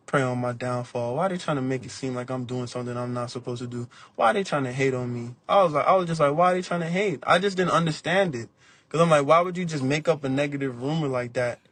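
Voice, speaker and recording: A young man with a medium-pitched voice talks fast as a guest on a podcast. He's a basketball player, and in this casual interview he tells animated stories in laid-back slang, acting out what people said.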